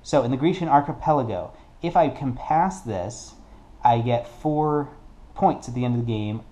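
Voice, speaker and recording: A man's voice: medium pitch, moderate pace, dark tone. A man playing a solo tabletop game and explaining its rules in a casual way, thinking aloud and correcting himself as he goes. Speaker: board game player.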